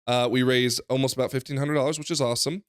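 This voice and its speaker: A hoarse man hosts a casual podcast, telling rambling stories with frequent laughs. His voice keeps a smooth, resonant core at a middle pitch. The sound is dry and close to the mic. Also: fairly even intonation, fast talker, dry recording. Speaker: podcast host.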